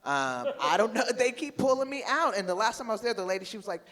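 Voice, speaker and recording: A woman in her forties performing a stand-up comedy set, brash and oversharing, with sudden bursts of loud outrage. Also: mid-range voice, big pitch swings, fast talker. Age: 40s. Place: comedy club stage with live audience. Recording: reverberant live venue with audience laughter.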